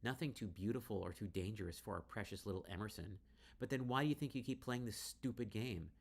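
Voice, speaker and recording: A man's voice: fairly low pitch, brisk, gravelly, pitched above the performer's own voice. A man putting on a giddy, tipsy teenage girl. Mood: mocking menacing.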